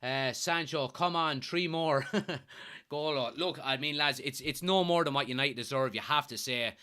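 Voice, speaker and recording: Young male fan-host, bright, slightly high voice, partisan and excitable live commentary. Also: unhurried, clear, resonant tone. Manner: excitable, partisan, swears when thrilled.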